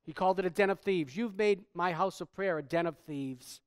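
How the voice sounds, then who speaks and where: A man pastor preaching a sermon, swinging from quiet stretches to loud, emphatic preaching. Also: sits high, brisk, clean tone, no room sound, studio quality.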